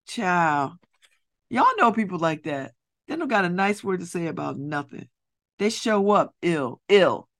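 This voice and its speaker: A middle-aged woman hosting a radio show, talking in an animated, repetitive way with laughing asides. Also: mid-range voice. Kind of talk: casual monologue. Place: radio studio.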